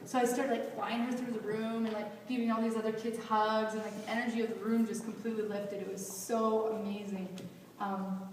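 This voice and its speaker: A young adult woman giving a personal storytelling talk at a youth event, animated and acting out the dialogue she recounts. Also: a little high, fairly quick, slight background noise. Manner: animated, acts out quoted dialogue. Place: event hall. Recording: echoey hall from far off.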